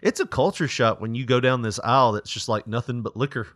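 A man's voice: mid-range voice, fast, a bit bright, dry recording, clean studio sound. A young man telling a work story in casual chat, laughing often and acting out quotes. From Tennessee.

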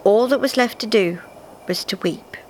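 A woman storyteller giving an expressive, measured live reading of a festive tale in a theatre. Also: mid-range voice, slight background noise, poor audio.

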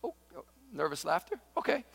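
A middle-aged man, a pastor preaching a sermon, telling a story with big swings from loud exclamations to hushed, intense asides. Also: fairly high pitch, sing-song, normal speed, creaky, breathy edge. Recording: echoey large hall.

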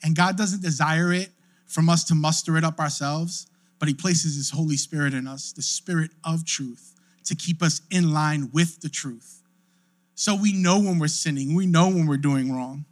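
A man's voice: a little high, moderate pace. A young adult male pastor preaching a sermon in a casual, conversational way, often checking in with the listeners. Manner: conversational preaching, frequent "right?" asides.

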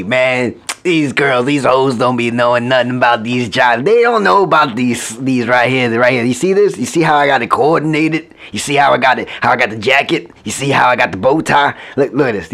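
A man's voice: medium pitch, moderate pace, creaky, hardly any pauses, fairly bright tone. A man doing an impression of a flashy, boastful coworker who brags about his outfit in streetwise slang.

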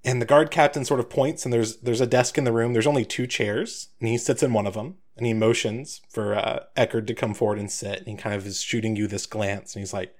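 A man narrating a tabletop game as game master, relaxed and rambling. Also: medium pitch, fairly quick, few pauses.

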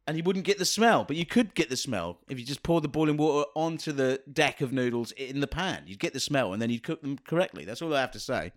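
Podcast guy, slightly high voice, goes on and on pedantically, sweary chat. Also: animated, quick pace, hardly any pauses. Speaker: podcast host. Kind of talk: casual banter.

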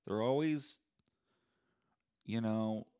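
A man's voice: fairly low pitch, very slow, clean tone. A young man from Canada hosting a podcast, delivering a sarcastic, profane solo rant. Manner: sarcastic, profane, animated ranting. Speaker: podcast host.

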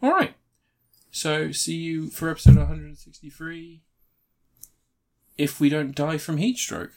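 A man's voice: fairly high pitch, level tone, unhurried, creaky, mellow. A man hosting a podcast, chatting casually and cracking crude, goofy jokes. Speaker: podcast host.

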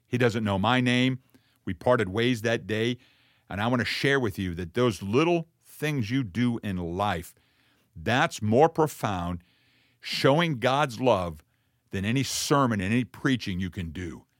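A man telling a personal testimony in a sermon, earnest and conversational, acting out the dialogue, and closing with a softer, slower blessing. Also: lowish voice, no room sound, clean studio sound. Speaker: ministry speaker addressing congregation.

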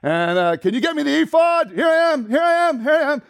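A preacher doing an eager young servant boy, high and loud. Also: expressive, unhurried, smooth, dry recording, studio quality.

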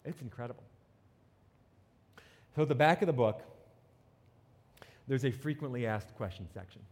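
A man from New Jersey with a slight New Jersey accent, preaching a sermon as pastor with animated, joking asides to the congregation. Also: medium pitch, normal speed.

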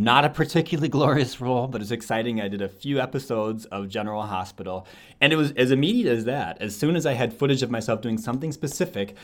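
A low-pitched young man from Wisconsin speaks as a podcast guest. He tells stories about acting in a lively, relaxed way. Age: young adult. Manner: animated, switches into playful accents. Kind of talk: relaxed interview conversation.

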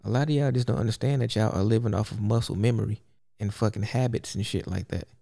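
A man's voice: fairly low pitch, quick pace, creaky, dark tone. A man hosting a solo podcast, ranting in a blunt, profane and exasperated way. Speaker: podcast host.

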